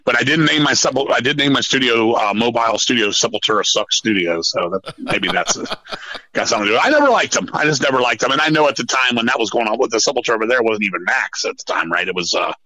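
A man's voice: medium pitch, quick pace, no room sound, low-quality recording. A man in his fifties telling blunt, profane stories in a casual podcast chat. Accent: American. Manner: profane, blunt, animated storyteller. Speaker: guest musician.

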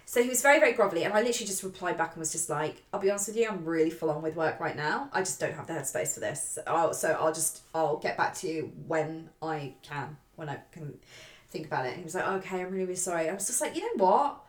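A woman's voice: deep voice, fast. Chatty woman telling a dating story. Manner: swearing, animated storyteller, acts out her own quotes. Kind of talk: casual chat. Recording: echoey room.

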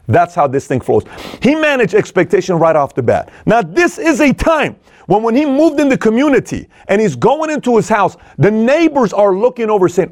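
Male storyteller, lively and expressive, fairly high voice, dry recording. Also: a little fast, no echo. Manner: energetic, acts out dialogue, swings between loud and low. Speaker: speaker retelling a film and business lessons. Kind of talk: animated storytelling talk.

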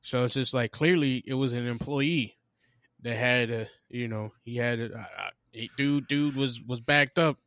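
Podcast guy ranting thru a work story, swears a lot, mid pitch, dead dry mic. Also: fairly even intonation, measured pace, a bit bright, no echo. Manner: profane storyteller who acts out both sides of arguments. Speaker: podcast co-host. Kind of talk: casual chat.

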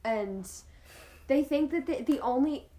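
Excitable teenage girl chatting. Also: sits high, measured pace. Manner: giggly, excitable, talks over her friend. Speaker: podcast co-host. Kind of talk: casual chat.

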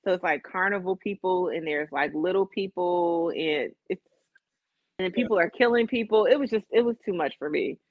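A woman co-hosting a casual podcast chat, animated, cursing and laughing often. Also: fairly low pitch, normal speed, no room sound, phone-quality sound. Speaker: podcast co-host.

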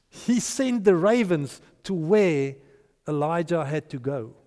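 With a fairly high, animated voice and drawn-out words, a man preaches emphatically as pastor. Long hall reverb fills the recording, and he shouts out quoted voices when acting out scripture.

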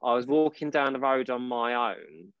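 A man from Portsmouth, chatting casually as a podcast co-host, telling lively stories and acting out voices. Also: medium pitch, normal speed, clean tone, no echo, lo-fi sound. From Portsmouth, England. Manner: chatty storyteller, calls his partner babe, acts out voices in quotes. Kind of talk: casual chat.

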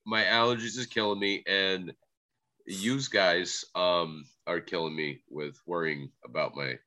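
A man's voice: sits low, a little slow, pushed and bright. A man co-hosting a casual sports betting chat, stuffy from allergies, laughing often and stumbling through restarts. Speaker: podcast co-host.

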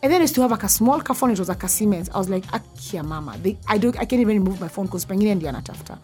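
A young woman, candidly telling a personal story and dropping to a hushed voice when it gets frightening. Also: mid-range voice, animated, very fast. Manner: candid, intense, drops to a hushed voice at scary parts. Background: faint music.

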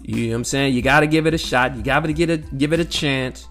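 Here the vlogger talks fast at a medium pitch, with faint music in the background. Addressing listeners head-on, he riffs profanely and casually on his outlook on life, looping back to the same lines, lively and repetitive, with plenty of "you know what I'm saying."

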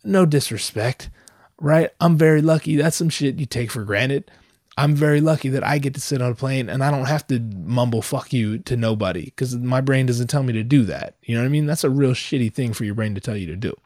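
Man, stand-up comic, profane, animated, acts out quotes, dry close sound. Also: mid-range voice, fairly quick, dry recording. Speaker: comedian. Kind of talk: stand-up storytelling.

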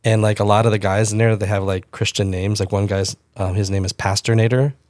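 A man's voice: on the low side, little pitch movement, brisk, darkish tone, no room sound. A man from South Florida, a pastor co-hosting a podcast, easygoing and enthusiastic in casual chat, with many fillers.

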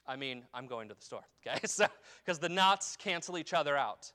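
A pastor preaches by reading scripture in a slow, falling cadence, then explaining it with emphatic rises and a frequent "okay?". His voice is high-leaning, animated, and bright, with a forceful tone.

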